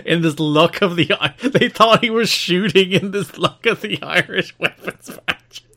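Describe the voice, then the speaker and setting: A man's voice: high voice, measured pace, bright, forceful tone. A man co-hosting a casual podcast, rambling and wry, sounding exasperated and laughing often. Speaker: podcast co-host.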